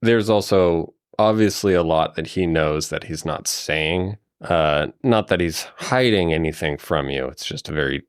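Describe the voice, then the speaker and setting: Male game master, relaxed narration, low clean voice, dry close sound. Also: unhurried, few pauses, smooth, dry recording. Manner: relaxed, filler-heavy.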